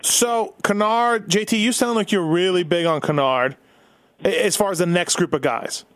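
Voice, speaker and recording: A man's voice: sits high, normal speed, fairly bright tone, no room sound. A man hosting a casual sports chat, joking and teasing the others as he asks questions. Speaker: podcast host.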